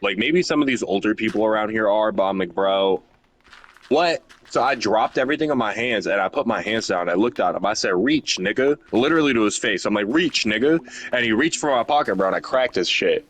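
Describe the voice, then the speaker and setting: A man's voice: fairly low pitch, expressive, quick pace, few pauses, a bit bright. A young man from Ohio tells a long, crude story in a loose, rambling way, cursing freely. It sounds like casual chat between friends while a game runs.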